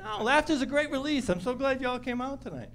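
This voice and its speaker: A middle-aged man doing stand-up comedy on a club stage, animated and acting out the people in his stories. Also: very high voice, brisk, background noise. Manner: animated, acts out characters.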